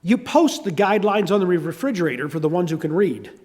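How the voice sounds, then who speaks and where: Animated older male preacher. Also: sits high, fast talker, long reverb tail. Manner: animated storytelling, conversational asides. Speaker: pastor. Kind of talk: sermon.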